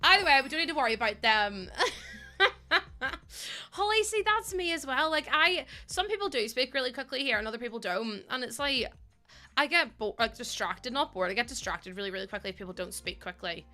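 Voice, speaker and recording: A young woman streaming a game, chatting quickly with her viewers while feeling a bit run down. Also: on the high side, sharp tone, soft background music. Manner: fast-talking, chatty. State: under the weather, a bit run down. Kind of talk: casual live-stream chat while playing a game.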